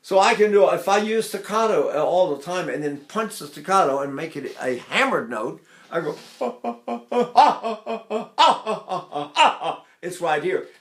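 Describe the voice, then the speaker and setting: A man's voice: on the high side, fairly bright tone, reverberant. An older man giving a singing lesson, explaining technique in a folksy, chatty way and checking in with "right?" and "see?". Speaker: voice teacher. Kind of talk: singing lesson with sung demonstrations.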